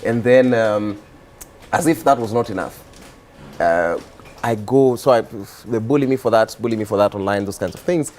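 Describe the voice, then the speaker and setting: A young man with a Kenyan accent, a guest on a talk show, telling his story in a relaxed, rambling way with many fillers. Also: fairly low pitch, moderate pace, a little hiss or hum. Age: young adult. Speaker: guest, activist and musician. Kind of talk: casual interview storytelling.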